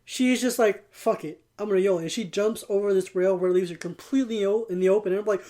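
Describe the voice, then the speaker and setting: A man's voice: high voice, fast, mellow. A young man co-hosting a podcast, telling loose, laughing, profane gaming stories. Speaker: podcast co-host. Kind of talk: casual chat.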